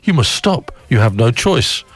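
A man's voice: medium pitch, sing-song, unhurried, slightly rough, voice pushed up. A man voicing a long-suffering Catholic priest, stern and easily shocked.

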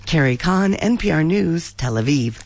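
A woman filing a radio news report as a foreign correspondent, measured and even. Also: sits low, no echo.

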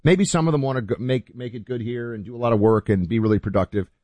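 A man hosting political talk radio who speaks forcefully and sarcastically and acts out little stories. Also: medium pitch, quick pace, no room sound. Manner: forceful, sarcastic, animated storyteller. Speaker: radio host.

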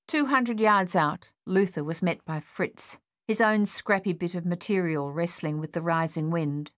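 Low-voiced woman narrating an audiobook. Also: unhurried, hardly any pauses, dry recording, clean studio sound.

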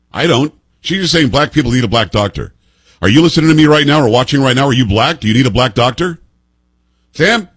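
Husky, emphatic male commentator in his fifties. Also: medium pitch, no room sound. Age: 50s. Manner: emphatic and sarcastic, with pointed rhetorical questions. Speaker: political commentary host. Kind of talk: opinionated political commentary.

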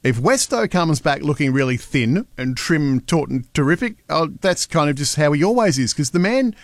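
A jokey man talking into a radio mic between segments. His voice runs a little high and sits dry and close. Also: sing-song, normal speed, no room sound. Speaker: radio host. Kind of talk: casual radio link.

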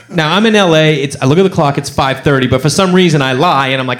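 Animated stand-up comedian on stage. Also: male voice, fairly quick. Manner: animated storyteller, acts out voices, big pitch jumps. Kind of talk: stand-up set and crowd work.

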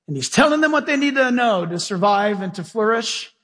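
Male pastor, high and husky, folksy and emphatic, preaching in a church with long hall reverb. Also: very animated, normal speed, fairly bright tone. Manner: emphatic, folksy preaching with direct questions to the congregation. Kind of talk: sermon. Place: church sanctuary with a live congregation.

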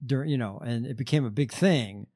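A man's voice: medium pitch, fairly quick, a little mellow, breathy edge. A man hosting a podcast in casual chat, laid-back and profane, with lots of fillers. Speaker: podcast host.

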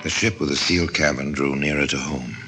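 A man giving measured, dramatic narration for an old radio drama. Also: extremely low pitch, steady tone, over loud music.

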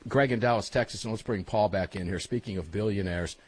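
A man's voice: fairly low pitch, brisk, darkish tone, dry recording. Brash middle-aged radio host man. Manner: brash, conversational. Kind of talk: casual radio talk.

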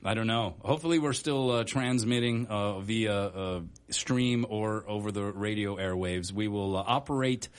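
A man's voice: on the low side, normal speed, few pauses, clean tone. A man hosting a radio show from a studio, chatting casually and rambling with lots of hesitant fillers. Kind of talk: casual on-air chat.

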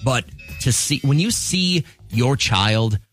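Middle-aged male morning radio host, mid-range voice, relaxed casual rambler. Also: mid-range voice, takes it slowly, faint music behind. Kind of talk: casual on-air chat.

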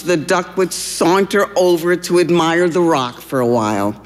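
A woman actor narrating a children's story in an expressive, measured way. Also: on the low side, in a large hall.

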